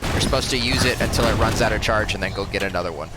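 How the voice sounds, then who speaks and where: A man's voice: fairly low pitch, very fast. A man giving casual, rambling commentary while playing a video game, swearing freely as he goes. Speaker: let's play host. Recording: game audio noise behind.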